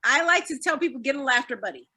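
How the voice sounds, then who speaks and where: A woman presenter with a high, bright voice leads a wellness workshop. She talks in an upbeat, encouraging way and breaks into laughter often. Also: lively intonation, fast. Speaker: fitness speaker leading a wellness talk. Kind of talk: live online wellness workshop.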